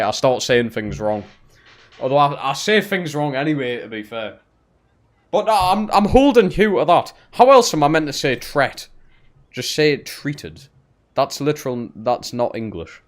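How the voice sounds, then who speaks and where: A man's voice: mid-range voice, big pitch swings, moderate pace. A young man live-streaming a football game, swearing freely and chatting back to his viewers. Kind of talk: casual live-stream chat while gaming.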